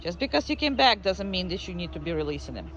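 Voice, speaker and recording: A dog trainer talking casually through a training drill, explaining each step, then switching to high, gushing praise for the dog. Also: big pitch swings, fast, fairly bright tone, highs cut off, slight background noise. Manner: chatty, explains while working a dog; bursts into high-pitched baby-talk praise for the dog.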